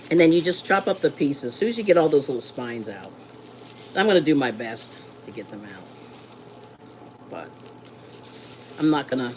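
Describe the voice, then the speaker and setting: A woman with a low voice hosts a live cooking stream from a home kitchen, talking loosely and laughing often. Her pitch swoops widely as she rambles and greets viewers, with a faint hiss underneath. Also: a little mellow, low-quality recording. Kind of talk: casual chat while cooking.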